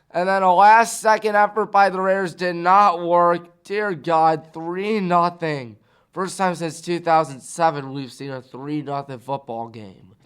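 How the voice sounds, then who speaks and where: A man hosting a local sports talk show, rattling through scores and picks in a casual, excitable way. He fires off rhetorical questions and exclamations. His voice is high, smooth and clear.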